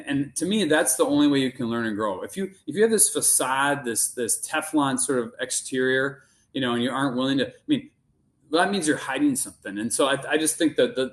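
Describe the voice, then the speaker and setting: Middle-aged male guest, mid-pitched voice, sincere, stumbles and repeats words. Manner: earnest, repeats words while searching for them. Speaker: podcast guest. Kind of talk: casual interview conversation.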